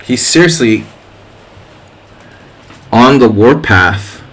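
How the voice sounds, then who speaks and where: A man's voice: medium pitch, lively intonation, slow, a bit bright. A man commentating his own online chess games to viewers in a jokey, casual way, teasing opponents with playful asides. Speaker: chess streamer. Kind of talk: casual commentary while playing.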